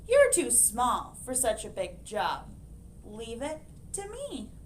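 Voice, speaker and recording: A woman voicing a proud, self-important farm horse in a storybook reading, calling out loudly as if whinnying. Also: a little high, huge pitch swings, slow pace, slight background noise, full character voice.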